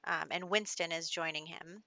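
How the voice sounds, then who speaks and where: A woman's voice: lowish voice, fairly even intonation, moderate pace, creaky, sharp tone, no echo. A woman casually narrating her life-sim game, chatty and storytelling, with lots of filler words. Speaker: gameplay narrator. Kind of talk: casual let's-play narration.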